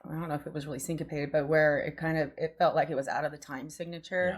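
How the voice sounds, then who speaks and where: A woman guest musician in a casual music reaction chat, agreeable and quick to affirm. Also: low voice, fairly even intonation. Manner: agreeable, frequent short affirmations.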